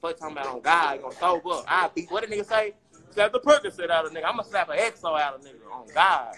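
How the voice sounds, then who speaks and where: A man in his twenties, a rapper guest telling stories in a casual interview, animated and boastful, full of profane street slang. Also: a little high, quick pace.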